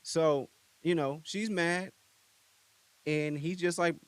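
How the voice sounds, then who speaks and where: A man's voice: on the high side, expressive, a little slow, long pauses, no echo. A young man hosting a podcast in a studio, telling a story in a laid-back, rambling, slangy way with lots of asides. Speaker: podcast host. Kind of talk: casual commentary.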